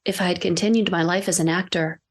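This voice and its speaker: A woman guest on a podcast, an acting coach, telling a personal story in an earnest, halting way with restarts. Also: lowish voice, fairly even intonation. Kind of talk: candid personal storytelling in conversation.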